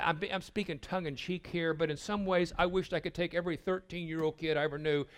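An older man giving a sermon at a retreat, telling stories and stumbling over repeated words as he begins a thought, sometimes dropping to a hushed voice. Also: on the high side. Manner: storytelling, dropping to a hushed voice for tender moments. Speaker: retreat speaker.

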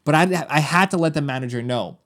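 Guy in his 30s telling a story on a podcast, swears a lot, acts out other ppl, voice on the higher side. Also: fairly quick. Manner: animated, profane, acts out other people's lines. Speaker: podcast co-host. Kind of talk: casual storytelling chat.

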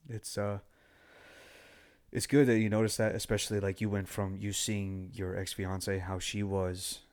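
A man's voice: lowish voice, a little slow. Blunt, swearing podcast host, man. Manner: blunt, heavy swearing, animated storytelling. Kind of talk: casual chat.

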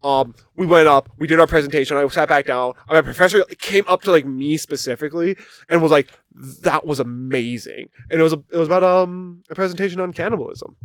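A man's voice: fairly high pitch, quick pace, dry recording. A young man co-hosting a podcast, telling rambling stories in casual chat and swearing often. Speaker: podcast co-host.

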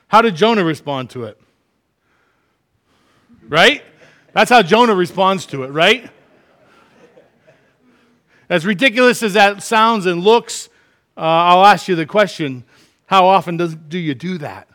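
A middle-aged man preaching a sermon, animated, acting out quoted complaints with big swings from quiet to loud. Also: high voice, measured pace, pauses often. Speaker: pastor.

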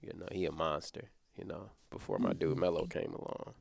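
Very low, gravelly man, emphatic slangy co-host, dry close sound. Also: steady tone, fairly quick, no room sound. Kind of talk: casual sports chat.

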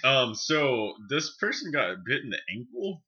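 A man's voice: medium pitch, big pitch swings, a little slow, bright, forceful tone, muffled recording. A man in his twenties co-hosting a podcast, chatting casually, crude and joking, laughing often. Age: 20s. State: recovering from a cough. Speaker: podcast co-host. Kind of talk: casual chat.

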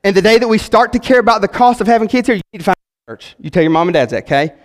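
Man, pastor in his thirties, high-voiced, impassioned preaching with loud and hushed swings, reverberant church hall. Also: animated, racing. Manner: impassioned, swings between loud exhortation and quiet emphasis. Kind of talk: sermon. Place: church sanctuary.

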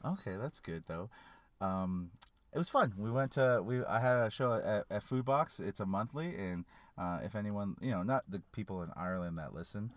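Young man, podcast host, lively swinging pitch, teasing banter, recorded inside a car. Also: moderate pace. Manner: teasing, laughs a lot, rambling with restarts. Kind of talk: casual banter in a parked car.

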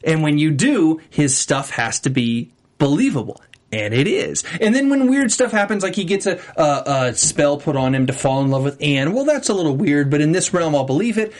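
A young man co-hosting a TV after-show in casual chat, enthusiastic and emphatic, talking in quick bursts. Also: a little high, very animated.

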